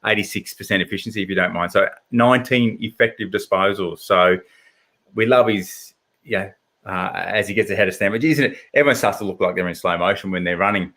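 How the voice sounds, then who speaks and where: This Australian man hosts a casual football podcast, and his voice sits low with a brisk pace and a fairly bright tone. He's chatty, packs in plenty of stats, and leans on lots of fillers as he talks footy.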